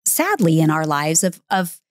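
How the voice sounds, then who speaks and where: A woman in her forties with a notably deep voice, hosting a parenting podcast. She is warm and affirming, reflecting back on what others share. The recording is dry and close. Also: big pitch swings, unhurried, dry recording. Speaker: podcast host and mother. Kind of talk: conversational podcast talk.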